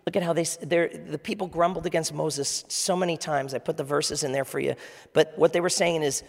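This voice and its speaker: A man's voice: on the high side, brisk, gravelly. A man preaching a conversational sermon as pastor, asking the audience questions. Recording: long reverb of a large hall.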